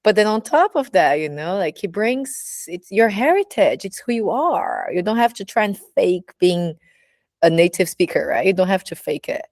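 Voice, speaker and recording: A woman's voice: medium pitch, lively intonation, normal speed, darkish tone, no echo. Candid Brazilian-accented woman, dry sound. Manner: candid, chatty, many "you know, like" fillers. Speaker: burlesque teacher and mentor. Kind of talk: casual personal monologue.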